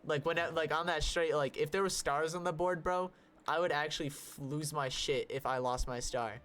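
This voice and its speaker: A young man co-hosting a podcast, telling a story in a casual, animated way and swearing often. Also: fairly high pitch, moderate pace, clean tone. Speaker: podcast co-host.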